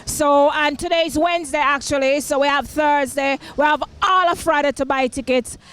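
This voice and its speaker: A woman's voice: high voice, normal speed, fairly bright tone. A Jamaican woman comedian doing teasing, bawdy promo chat. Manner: bawdy, teasing, laughs often. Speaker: stand-up comedian.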